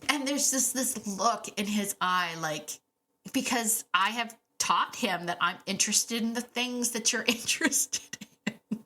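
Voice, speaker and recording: A woman hosting a dog training podcast, telling stories in a chatty, animated way with laughs and fillers. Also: fairly high pitch, a little slow, a little hiss or hum. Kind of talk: casual podcast monologue.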